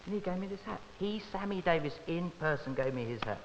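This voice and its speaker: A man's voice: sits high, expressive, quick pace, slight background noise. Cheeky man, stage patter, lo-fi. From Britain. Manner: cheeky, mock-earnest patter. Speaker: entertainer. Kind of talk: comic stage banter and song. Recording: lo-fi recording, long reverb, music behind.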